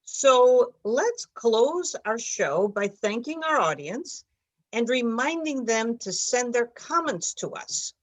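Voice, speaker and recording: A woman's voice: a little high, lively intonation, takes it slowly. A woman hosting a scripted talk show, emphatic in manner and repeating words for stress. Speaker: host.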